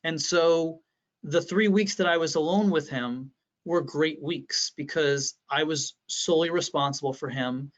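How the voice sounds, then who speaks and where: A man with a slightly higher voice speaks candidly in a presentation, as a pediatrician sharing his own experience. He is earnest and halting and often restarts his sentences. The audio is dull and lo-fi. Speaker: pediatrician presenting to health professionals. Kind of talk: candid first-person storytelling in a presentation.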